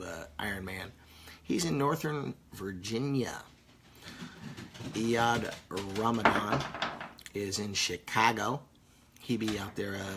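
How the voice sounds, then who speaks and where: A man's voice: fairly low pitch, fairly bright tone, a little hiss or hum. A stoned man reading viewer comments on a casual live stream, crude, joking and rambling. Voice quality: gravelly.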